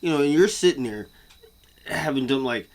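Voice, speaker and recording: A man ranting casually to camera as a vlogger, profane and repetitive, swinging from muttering to yelling. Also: medium pitch, expressive, moderate pace.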